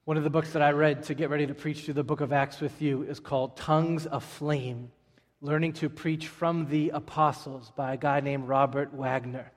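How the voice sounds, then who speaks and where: A man delivers a sermon as a vivid storyteller, his voice sitting a touch higher than most men's. He drops to soft asides, then pushes his volume up to drive a point home. A long reverb from the hall trails each phrase. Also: normal speed. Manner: animated storytelling preacher, shifting from soft to loud. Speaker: pastor.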